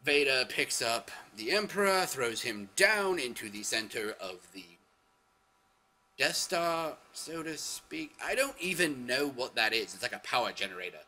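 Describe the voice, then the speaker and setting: A man presents a casual storytelling monologue on his video show, drifting from point to point, self-correcting, and exclaiming without warning. His voice is medium-pitched, sing-song, bright, and forceful, delivered unhurriedly over a slight hiss or hum.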